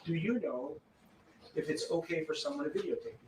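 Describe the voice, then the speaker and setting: A man questions a witness in quick, clipped bursts, his voice a little high and pressing for yes-or-no answers. He sounds distant from the mic, and the courtroom echo mixes with a steady background noise. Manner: pressing, repeats yes-or-no demands. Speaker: attorney. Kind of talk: cross-examination.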